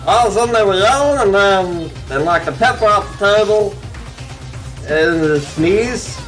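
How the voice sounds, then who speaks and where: A young man co-hosting a let's play, joking and swearing with quick quips over the game. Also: sits high, animated, fairly bright tone, soft background music. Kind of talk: casual gaming commentary.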